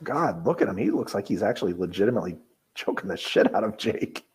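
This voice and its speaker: A man with a very low, husky voice offers wry, laid-back remarks on an old wrestling match. He often hesitates and reaches for his words with fillers. His tone stays easygoing and dry. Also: expressive, fast, a little mellow. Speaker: podcast co-host. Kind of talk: casual commentary over a wrestling match.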